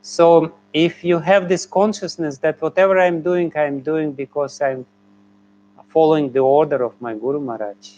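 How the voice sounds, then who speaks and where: Brief: male spiritual teacher, slightly high voice, halting delivery with chuckles. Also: fairly even intonation, mellow, highs cut off, a little hiss or hum. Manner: hesitant, many fillers, chuckles between phrases. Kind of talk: question-and-answer talk.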